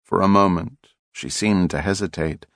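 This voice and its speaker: A man giving measured, dramatic scripted narration for an audiobook on a close studio mic. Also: deep voice, fairly even intonation, fairly bright tone, dry recording.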